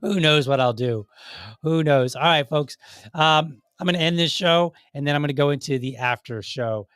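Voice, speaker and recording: A man hosting his own podcast, talking casually and rambling, acting out quick quoted voices as he gives advice. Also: on the high side, a bit bright, clean tone, no echo, studio quality. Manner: chatty, rambling, acts out little quoted voices. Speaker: podcast host. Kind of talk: casual solo commentary.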